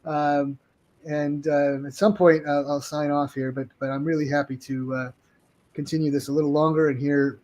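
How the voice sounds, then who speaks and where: A man's voice: a little high, level tone, moderate pace, a little mellow, muffled recording. A man, a game publisher guest, talking casually on a video call, friendly and rambling with frequent restarts.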